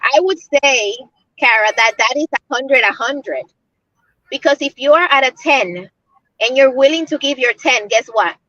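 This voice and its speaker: A woman's voice: high voice, lively intonation, measured pace, a bit bright, no room sound, lo-fi sound. A woman in casual panel talk, earnest and searching for words.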